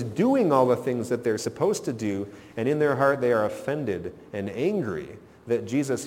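Male pastor preaching, emphatic rises and quiet drops, long church reverb. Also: mid-range voice. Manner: emphatic, rising and dropping for effect. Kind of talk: sermon.

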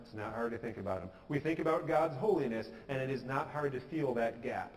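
A man's voice: medium pitch, darkish tone, big-room sound, a little hiss or hum, poor audio. A pastor giving an earnest, conversational sermon, sometimes acting out the prayers he quotes. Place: church sanctuary.

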